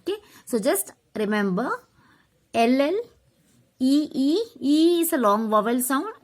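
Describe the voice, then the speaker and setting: A woman teaching a phonics lesson to young children, slowly sounding out letters and words one at a time. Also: high voice, expressive. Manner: slow, sounding out letters one by one, sing-song.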